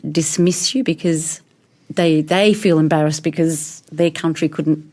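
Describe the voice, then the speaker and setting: A middle-aged Australian woman, a guest actor, talking in a casual interview and telling stories with lively voiced reactions. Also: deep voice, a little slow. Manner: animated storytelling, voices others' reactions.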